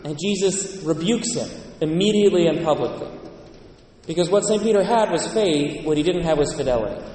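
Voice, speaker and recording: A priest delivers an earnest, conversational sermon, and his slightly high voice rings out in a large church. His voice is picked up from a distance, so it carries a long, echoing reverb, with faint ambient noise behind it. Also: lively intonation, a little fast, darkish tone. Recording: echoey church, distant mic.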